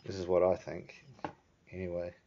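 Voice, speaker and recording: Deep, mellow and monotone at a moderate pace, this New Zealand-accented vlog host rambles casually and swears without much thought. The lo-fi recording is dull, with a little hiss or hum.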